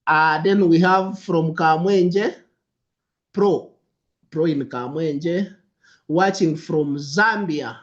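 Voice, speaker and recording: A young adult man hosts a live trading stream, greeting viewers and repeating himself in an upbeat way, dropping into soft asides. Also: on the high side, takes it slowly, long pauses. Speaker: trading mentor hosting a livestream. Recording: lo-fi stream audio.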